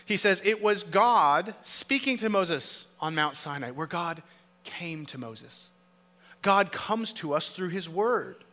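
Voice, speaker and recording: Bright-voiced preacher in a reverberant hall. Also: male voice, sits high, lively intonation, slow. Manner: emphatic, rhetorical questions, swings from loud to hushed. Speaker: pastor. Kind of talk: sermon. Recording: long reverb of a large hall.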